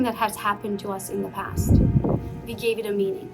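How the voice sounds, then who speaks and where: A woman's voice: mid-range voice, fairly quick, soft background music, low-quality recording. A woman hosting her own business vlog, chatting and giving upbeat motivational advice with frequent laughs. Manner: energetic, chatty, laughs often. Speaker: entrepreneur vlog host.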